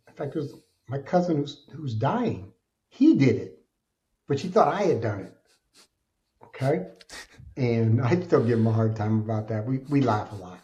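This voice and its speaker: A middle-aged man who is a podcast guest, telling his personal story in an earnest, colloquial and animated way. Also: medium pitch. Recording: dull lo-fi sound.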